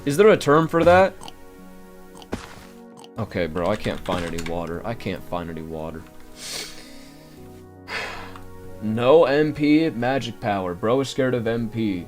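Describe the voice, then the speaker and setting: A man's voice: fairly low pitch, unhurried, pauses often, faint music behind. A man doing live gameplay commentary, grumbling and talking to his chat. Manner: animated, grumbling, talks to chat. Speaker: game streamer.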